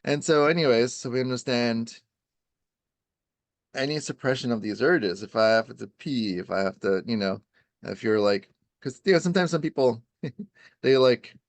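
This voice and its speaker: A man's voice: mid-range voice, dry recording. A man who practises Ayurveda, explaining in a rambling, casual way, full of "you know" and "right?" and little acted-out quotes.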